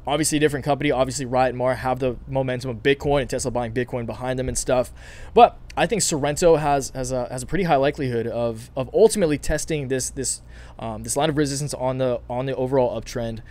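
A man with a scratchy throat runs through his stock picks at a rapid clip, eager and loose. His voice sits at a middling pitch, and he stumbles through restarts and plenty of fillers as he talks to his viewers. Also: a little mellow. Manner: fast, filler-heavy, enthusiastic talk with many restarts. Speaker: stock market channel host. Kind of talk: casual market analysis to viewers.

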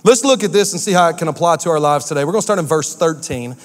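A male pastor preaching a sermon in a church, acting out quotes with shifts in pitch and pace. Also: fast, long reverb tail.

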